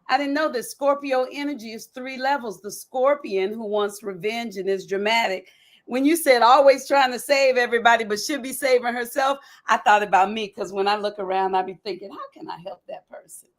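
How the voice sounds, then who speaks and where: Lively lady hosting a podcast, talks up high and excited. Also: normal speed. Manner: lively, enthusiastic, emphatic. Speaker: podcast host. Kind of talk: casual interview talk.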